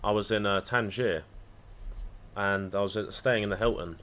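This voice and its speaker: A man's voice: on the low side, fairly even intonation, normal speed, fairly bright tone. A man chatting casually on a livestream, rambling and swearing freely as he talks to his viewers. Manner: rambling, profane banter. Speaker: live trading streamer.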